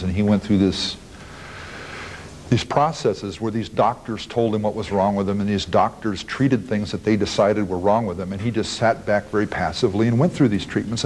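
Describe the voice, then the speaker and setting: A man's voice: fairly low pitch, a little mellow, slight background noise, poor audio. A man recounting events in an archival interview, plain-spoken and blunt, rambling through his recollections.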